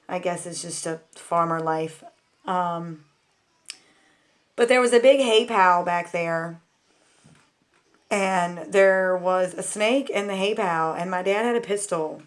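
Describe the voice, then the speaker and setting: A woman's voice: lowish voice, measured pace, long pauses. A woman telling childhood stories to her viewers in a casual, rambling way, full of "like" and "um". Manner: chatty and candid, talks straight to viewers. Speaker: vlogger. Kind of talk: casual storytelling.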